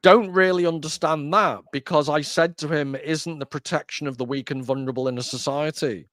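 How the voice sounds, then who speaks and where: A man's voice: fairly high pitch, fairly even intonation, a little fast, fairly bright tone, no echo, studio quality. A man hosting a podcast, chatting casually in a wry, joking, rambling way. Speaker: podcast host. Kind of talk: casual conversation.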